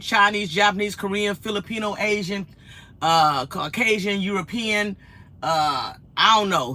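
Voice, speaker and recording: A woman from Los Angeles, a truck driver hosting a casual livestream, telling stories bluntly and directly. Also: medium pitch. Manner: blunt, direct, animated storytelling.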